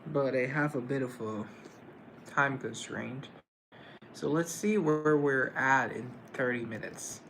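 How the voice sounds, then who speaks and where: A man's voice: mid-range voice, slow, background noise. A young man hosting a casual livestream, rambling and self-deprecating as he reads and answers viewers' comments. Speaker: livestream host.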